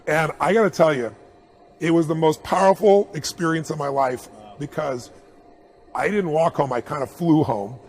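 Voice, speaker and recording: A middle-aged man telling a personal anecdote in an interview, animated and chuckling as he acts out the dialogue. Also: on the high side, moderate pace. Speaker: interview guest.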